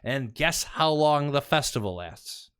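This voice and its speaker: A man's voice: on the high side, a little slow, clear, resonant tone. Joking man podcaster, swearing freely. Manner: animated, joking, swears freely, slips into silly voices. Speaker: podcast co-host. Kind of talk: casual chat.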